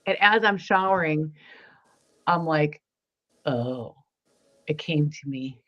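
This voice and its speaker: Speaking slowly in a low but fairly bright voice with lively intonation, a woman gives personal testimony as a guest in an interview. She recounts her story earnestly, performing the lines of dialogue within it. The recording is lo-fi and a little dull.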